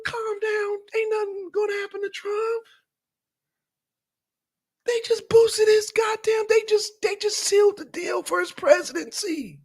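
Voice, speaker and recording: A man doing loud, animated political commentary on a live stream, with theatrical gasps and mock panic. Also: very high voice, unhurried. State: dizzy, out of breath after holding breath. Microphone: camera mic.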